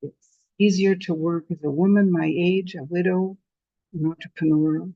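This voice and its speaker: A Canadian woman past sixty-five, giving a lively motivational talk and telling her story with self-deprecating humor. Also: on the low side, normal speed, no room sound, lo-fi sound. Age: over 65. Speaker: conference speaker.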